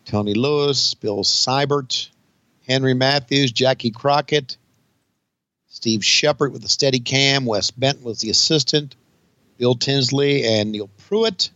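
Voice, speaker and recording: An older man co-hosting a podcast, talking in a wry, profane, deadpan way about an old broadcast. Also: mid-range voice, a little slow, dry recording. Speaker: podcast co-host and former announcer. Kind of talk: casual podcast chat and mock commentary. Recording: dry, slightly dull podcast audio.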